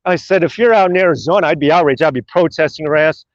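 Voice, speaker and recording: A man's voice: fairly high pitch, fast talker, dry recording. A man ranting with lots of swearing on a live stream while driving, recorded dry and muffled in his car. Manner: profane, rambling, opinionated. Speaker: livestream host. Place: in a car in traffic.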